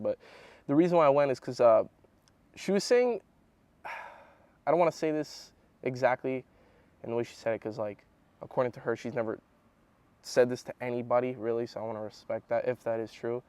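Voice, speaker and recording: A man's voice: mid-range voice, darkish tone, no echo. A young man rambling through a personal story in casual slang, calling the listener "bro" often. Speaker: vlogger telling a personal story.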